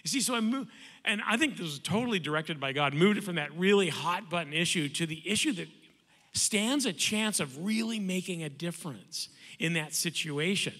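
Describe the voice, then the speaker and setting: Man, animated storyteller, bright high voice, conference panelist, long hall reverb. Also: normal speed. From Southern California. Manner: animated, acts out voices in anecdotes. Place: large church hall.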